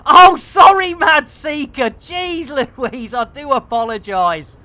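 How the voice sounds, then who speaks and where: A woman streaming a space game, chatting excitedly to her guests, often laughing and exclaiming at her own mistakes. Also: sits high, slow pace, no echo. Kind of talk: live gameplay commentary.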